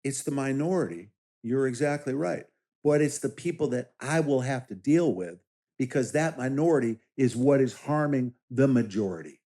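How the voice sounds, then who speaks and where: A middle-aged man speaks with blunt, emphatic conviction at an average pitch, leaning into his points. He tells stories and stresses his words to drive them home. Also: expressive, moderate pace, warm tone. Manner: emphatic, direct, tells anecdotes with quoted voices. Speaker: political candidate, former law enforcement officer. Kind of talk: casual interview conversation.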